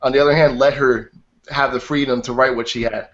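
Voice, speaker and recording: A man's voice: mid-range voice, fairly even intonation, a little fast, muffled recording. A man co-hosting a gaming podcast, blunt and opinionated, retelling funny moments. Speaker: podcast co-host. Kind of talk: casual chat.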